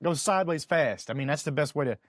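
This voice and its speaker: Guy podcast cohost, very lively voice, repeats himself, dry close mic. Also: fairly high pitch, fast, no echo. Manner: expressive, repeats words, talks in bursts. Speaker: podcast co-host. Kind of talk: casual chat.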